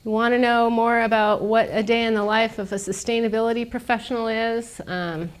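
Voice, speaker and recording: A middle-aged woman speaking as a guest speaker, telling stories in a lively, snarky way and laughing often. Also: a little high, fairly quick, clear, resonant tone. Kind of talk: casual storytelling talk. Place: lecture room.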